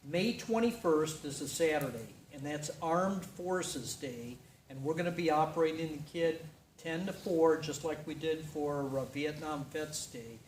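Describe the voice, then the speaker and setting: A man's voice: fairly high pitch, a little slow. A man making meeting announcements as a club officer, in a conversational way with frequent fillers. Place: meeting room in a building. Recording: roomy and from far off, faint hiss.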